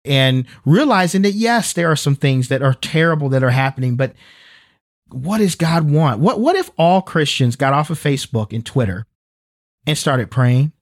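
A man's voice: fairly high pitch, lively intonation, normal speed, dry recording, clean studio sound. A man co-hosting a faith-based podcast, speaking earnestly and emphatically, often restarting and repeating words. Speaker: podcast co-host.

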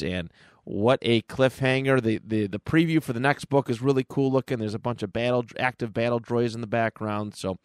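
A man's voice: mid-range voice, smooth, no room sound, studio quality. Casual man recapping a comic book. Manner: casual, with frequent fillers and restarts. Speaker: podcast co-host.

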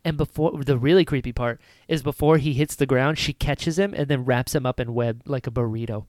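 A woman hosting a podcast, recapping a film in casual chat with lively retellings. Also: extremely low pitch, no echo, clean studio sound. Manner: animated retelling with quick character voices. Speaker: podcast host.

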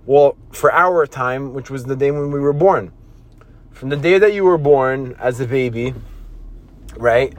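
A man hosting a motivational podcast, talking earnestly with lots of restarts and repeated phrases. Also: fairly high pitch. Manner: earnest, repetitive, with many restarts; acts out scolding voices in quotes. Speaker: podcast host.

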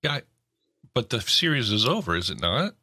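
A man's voice: medium pitch, sing-song, pushed and bright, dry recording, clean studio sound. A man with a Northeastern Connecticut accent, chatting casually and teasing his co-host. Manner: teasing, quick to laugh. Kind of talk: casual chat.

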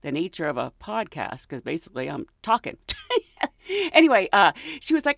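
A woman podcast host telling casual stories, animated and giggly, acting out the voices of the people she quotes. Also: sits low, fast, gravelly, dry recording, clean studio sound. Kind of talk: casual storytelling.

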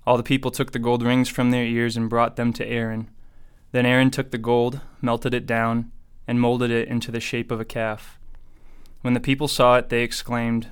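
A man reading scripture aloud as a Bible reader, in a steady, even way. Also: medium pitch, normal speed, clear, resonant tone.

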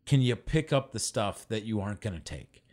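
A man's voice: on the low side, normal speed. A man co-hosting a podcast in casual chat, telling stories with energy and acting out the people he quotes. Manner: animated storyteller, acts out people he quotes. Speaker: podcast co-host.

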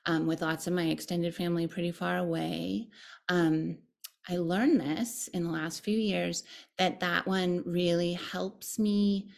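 A woman meditation teacher, a podcast guest, speaking in a reflective, gentle and thoughtful way. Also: on the low side, steady tone, measured pace, vocal fry. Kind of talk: podcast conversation.

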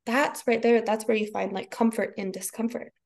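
Podcast guest, woman, 30s; raspy fry, lively and expressive, voices her own thoughts. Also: a little high, moderate pace. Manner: expressive, laughs often, acts out her own inner voice. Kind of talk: casual conversation.

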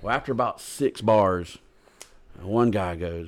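A low-voiced man co-hosting a casual podcast. He rambles through crude stories in a loose, unpolished way and is quick to laugh. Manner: crude, rambling joke-teller. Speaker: podcast co-host. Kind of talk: casual chat.

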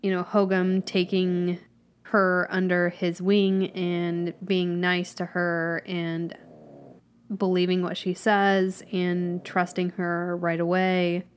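Slow-speaking woman playing a tabletop game. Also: fairly low pitch, completely flat delivery, a little hiss or hum. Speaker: player. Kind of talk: tabletop role-play, describing her character's actions.

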